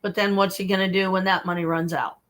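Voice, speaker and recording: A woman's voice: medium pitch, little pitch movement, quick pace, fairly bright tone. A woman talking in a casual livestream monologue, rambling, blunt and exasperated, swearing freely as she speaks straight to a viewer. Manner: speaks to one viewer directly.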